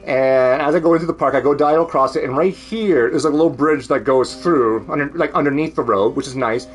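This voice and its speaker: A man's voice: on the high side, a little fast, soft background music. A man with a Canadian accent chatting casually at home on a stream, rambling, laughing often and swearing freely. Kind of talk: casual chat.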